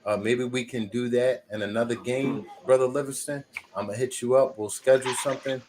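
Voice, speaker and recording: A man's voice: medium pitch, steady tone, brisk, darkish tone, slight background noise. A man hosting a casual basketball podcast, talking in a laid-back, slangy way with frequent laughs. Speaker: podcast host. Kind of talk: casual sports chat.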